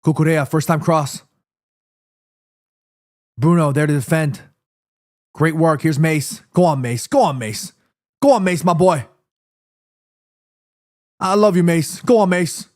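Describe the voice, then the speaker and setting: A man streaming a football watchalong, calling the play live and chatting to his viewers in an excitable, slangy way. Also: a little high, unhurried, pauses often. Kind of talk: live play-by-play commentary and chat.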